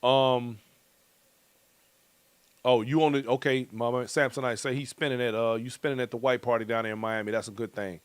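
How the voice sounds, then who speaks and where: A man's voice: medium pitch, fairly even intonation, normal speed, clear, resonant tone, no echo. Chatty laid-back male host. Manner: loose, joking, colloquial, chuckles often. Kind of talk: casual chat reading viewer comments.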